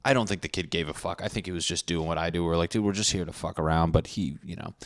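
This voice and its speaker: Low-voiced young guy podcasting, swears a lot, rambly and makes fun of himself. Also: fast. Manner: profane, rambling, self-mocking. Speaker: podcast host. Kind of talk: casual storytelling monologue.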